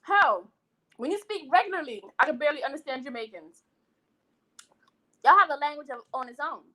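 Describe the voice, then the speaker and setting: A West Indian woman hosting a live eating stream, chatting casually with viewers in a sassy, animated way and laughing often. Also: high voice, brisk, poor audio. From West Indian, living in Brooklyn. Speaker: host of a live eating show. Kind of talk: casual live-stream chat, reading comments.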